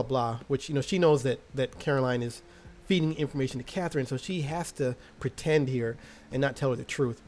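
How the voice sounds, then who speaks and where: A man's voice: mid-range voice, a little mellow, slight background noise. A man casually recapping a TV episode in a slangy, crude, jokey way. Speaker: TV episode reviewer.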